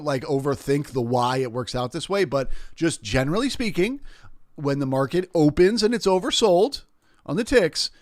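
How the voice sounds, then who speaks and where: A man's voice: medium pitch, no room sound, clean studio sound. A man hosting a live trading stream, explaining market moves in a casual way and answering viewers' questions. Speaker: livestream trading host. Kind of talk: live market commentary and chat Q&A.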